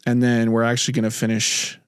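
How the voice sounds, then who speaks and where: A man's voice: mid-range voice, completely flat delivery, fairly quick, smooth, no room sound, clean studio sound. A man hosting a podcast, chatting casually and laughing easily, then reading his own short story aloud. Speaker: podcast host.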